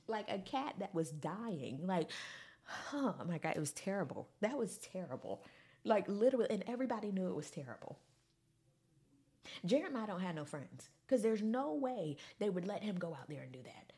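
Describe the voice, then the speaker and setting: Woman, husky voice, sassy and dramatic, with big swings in pitch. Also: normal speed. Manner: animated and sassy, dramatic pitch swings, mock-incredulous asides. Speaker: commentator recapping a music event. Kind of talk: casual recap monologue.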